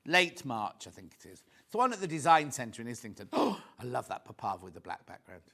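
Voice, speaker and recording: A man presenting on a TV shopping channel, chatting excitedly and tossing quick asides to viewers and crew. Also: mid-range voice, gravelly. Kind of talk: live TV selling chat.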